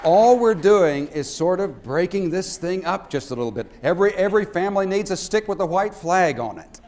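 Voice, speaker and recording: Animated man telling stories to an audience. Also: sits high, brisk. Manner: storytelling, swings from hushed to loud and animated. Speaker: speaker. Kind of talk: talk to a live audience.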